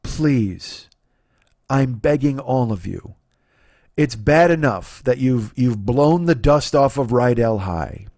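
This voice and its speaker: A man's voice: medium pitch, lively intonation, takes it slowly, mellow, dry recording. Middle-aged male podcast comic, profane stammering ranter, dry close mic. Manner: ranting, stammering restarts, sarcastic. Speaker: comedy podcast host. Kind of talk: profane comedic rant.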